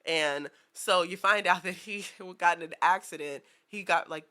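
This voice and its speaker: Young woman co-host, casual anime chat, bright forward tone, animated storyteller. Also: fairly low pitch, normal speed. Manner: animated storyteller, acts out characters' lines. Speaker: podcast co-host.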